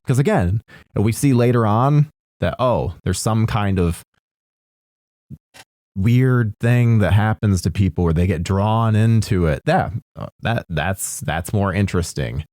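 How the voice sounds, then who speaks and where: A man's voice: low-pitched, animated, unhurried, a little mellow, no room sound, clean studio sound. A man co-hosting a podcast in casual chat, asking exasperated, incredulous questions. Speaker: podcast co-host.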